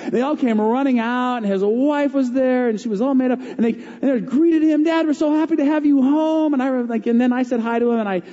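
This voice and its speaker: A man's voice: very high voice, a little fast, hardly any pauses, muffled recording. Man preaching in an echoey hall. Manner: storytelling, swings between lively and hushed. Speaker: pastor. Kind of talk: sermon.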